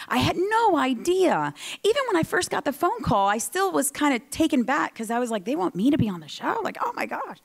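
A woman giving a motivational speech at a ceremony, telling her story in an animated way and acting out the dialogue. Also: high-pitched. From United States. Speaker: guest speaker. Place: ceremony hall.

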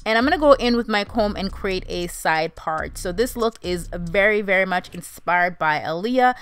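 A woman's voice: medium pitch, animated, moderate pace, fairly bright tone, smooth. A young woman narrating a wig tutorial in a casual, chatty way, calling her viewers "you guys" and "honey". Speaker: beauty vlogger.

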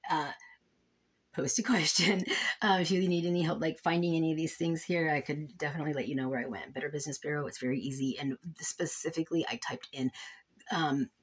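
A young woman with a low, slightly rough voice talks a little fast in a casual at-home vlog. Frustrated and exasperated, she reads out emails and complaints, trailing off and starting over.

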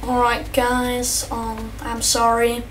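A young male gamer doing rambling, excitable let's-play commentary, chatting to his viewers and his in-game pet. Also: medium pitch, slow, slight background noise. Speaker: gameplay commentator. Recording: distant mic with faint keyboard typing.

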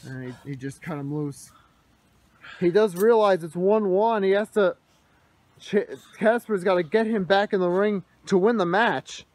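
A man doing wrestling play-by-play commentary, moving between hushed, dismayed muttering and shouted excitement over big moves. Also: high-pitched, a little slow, no room sound.

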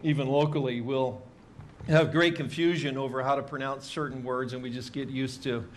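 A man teaching a Bible passage in a relaxed, chatty sermon style, with many fillers and dry jokes. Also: mid-range voice, normal speed, a little hiss or hum. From Hawaii. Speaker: pastor teaching a Bible study.

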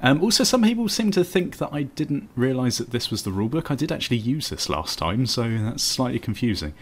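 A man hosting a let's play video, chatty and self-mocking with quick asides. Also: medium pitch, sing-song, breathy edge. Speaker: gaming channel host.

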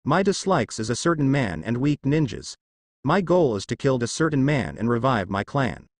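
A man's voice: medium pitch, animated, normal speed, no echo, clean studio sound. A man voicing a cold, curt, vengeful teenage ninja boy in a fan fiction reading.

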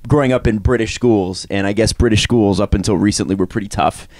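A man's voice: lowish voice, darkish tone, slight background noise. A man co-hosting a podcast, telling anecdotes in casual chat. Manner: tells anecdotes, quick reactions. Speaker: podcast co-host.

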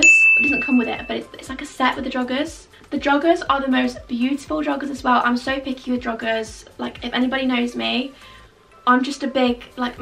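Bubbly, gravelly young woman. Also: sits high, bright, forceful tone. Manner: bubbly, gushing, chatty with many fillers. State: out of breath. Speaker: fashion vlogger. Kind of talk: casual try-on haul chat. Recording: distant mic with faint background music.

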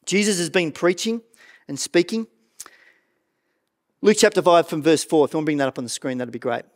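A middle-aged man preaching a sermon as pastor of a church, earnest and animated, often stumbling and repeating words. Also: a little high, brisk.

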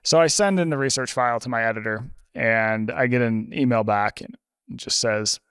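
A man in a conversational podcast interview, a lively storyteller who talks with plenty of fillers. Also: medium pitch, moderate pace, clear, resonant tone, no room sound, studio quality. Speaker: podcast guest, author.

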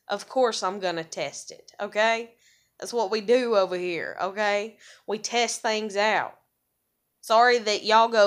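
An American woman ranting in a vlog, angry, profane and rambling, her voice jumping high when heated. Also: unhurried, fairly bright tone. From USA. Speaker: vlogger. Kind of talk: ranting monologue.

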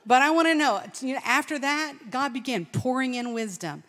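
Animated woman preaching in a hall. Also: sits high, moderate pace. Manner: animated storytelling with laughs and acted-out quotes. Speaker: conference speaker. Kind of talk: testimony sermon. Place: large church hall. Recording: long hall reverb.

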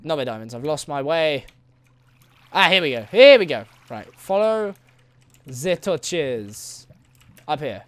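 A man giving casual solo commentary on his own gameplay, rambling playfully, talking to the creatures he meets and bursting into excited shouts. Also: a little high, slow pace, long pauses, dry recording. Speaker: gaming video host.

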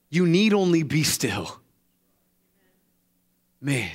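Animated male pastor preaching a sermon. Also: moderate pace. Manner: animated storytelling, acting out quoted voices with raised pitch. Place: church.

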